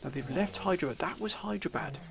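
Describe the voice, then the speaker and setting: Gravelly male let's-play commentator, theatrical commander tone, voice a touch high. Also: quick pace. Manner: theatrical, addresses viewers as 'sir' and 'gentlemen'. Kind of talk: game commentary.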